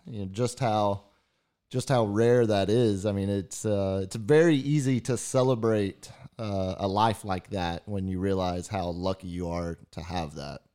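Hesitant man with a smooth voice. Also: fairly low pitch, a little slow, mellow. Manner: hesitant, filler-heavy, reflective. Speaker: podcast co-host. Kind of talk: casual chat.

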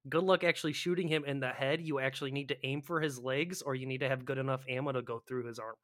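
A man casually chatting about a video game with a co-host, animated and profane, often acting out panicked players. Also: mid-range voice, quick pace, no echo, clean studio sound. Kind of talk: casual gaming chat.

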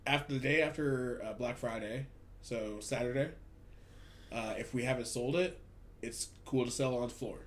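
A man's voice: mid-range voice, normal speed, slight background noise. A man on a podcast telling work stories in a casual, profane, ranting way. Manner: profane, ranting, animated storytelling. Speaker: podcast host. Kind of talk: casual chat. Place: Hollywood.

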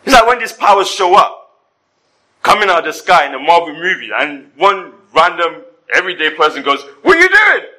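A pastor preaching a sermon to his congregation, animated and joking in asides. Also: a little high, a little fast, rough recording. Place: church service before a congregation.

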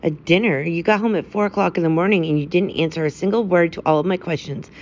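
Figure: anxious, insistent wife read by a woman. Pitch: low. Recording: slightly dull lo-fi audio. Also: quick pace. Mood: urgent.

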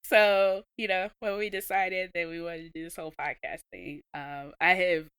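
Low-voiced woman podcast co-host. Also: fairly even intonation, moderate pace, a bit bright, smooth, dry recording, studio quality. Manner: chatty, laughing, filler-heavy. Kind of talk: casual chat.

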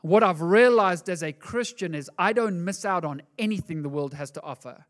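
A male pastor preaching a sermon in an animated, conversational way, acting out the voices he quotes. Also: high-pitched, normal speed.

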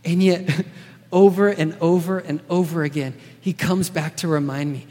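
A man delivers a conversational sermon, earnest and informal, often turning to his listeners with a quick "right?". His voice sits a bit high for a man. A long reverb trails behind each phrase, as in a big hall. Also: darkish tone. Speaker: preacher.

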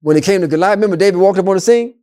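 A man co-hosting a faith talk, retelling Bible stories in a lively, colloquial, preacher-like way and repeating his points. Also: high voice, rapid-fire. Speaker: co-host and Bible teacher. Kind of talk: animated faith discussion with storytelling.

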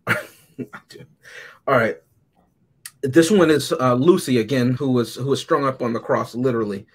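A man's voice: medium pitch, moderate pace, long pauses, husky. A man co-hosting a casual movie review chat, joking and teasing his co-hosts and reading out favorite quotes. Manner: joking, teasing, deadpan asides. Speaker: podcast co-host.

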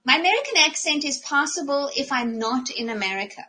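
Middle-aged woman, podcast guest, high bright voice, lively laughing storyteller. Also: a little fast. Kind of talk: casual storytelling chat.

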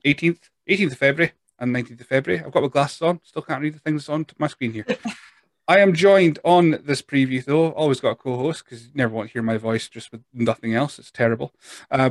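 A man's voice: mid-range voice, no echo. A man hosting a podcast in a casual, rambling, self-deprecating way. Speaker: podcast host. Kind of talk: casual chat.

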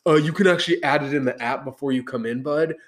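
A man's voice: mid-range voice, fast. A young man hosting a podcast, telling a heated story in casual chat. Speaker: podcast host. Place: podcast room.

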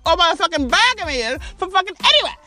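A British woman with a high, sharp, bright voice tears through a profane, indignant podcast rant. She fires off rapid rhetorical questions, with faint music running underneath. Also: very animated. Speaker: podcast host. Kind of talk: profane ranting commentary.

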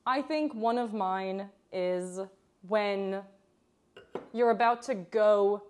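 A woman's voice: medium pitch, slow pace. A young woman in her twenties hosting a casual podcast chat, telling jokey stories and laughing often. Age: 20s. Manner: animated, joking storyteller who laughs often. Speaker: podcast host.

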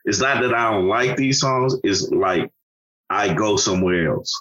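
A man's voice: fairly low pitch, a little slow, a bit bright, muffled recording. A man in casual conversation about an album, hesitant and often rephrasing himself. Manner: hesitant, rephrases, many fillers. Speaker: podcast co-host. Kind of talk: casual music review chat.

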